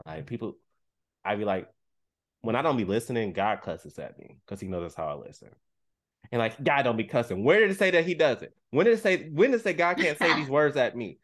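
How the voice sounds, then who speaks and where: Guy just chatting on a podcast, gets animated and does little voices, average pitch. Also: brisk. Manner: animated, acts out quotes in a high voice. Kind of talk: casual chat.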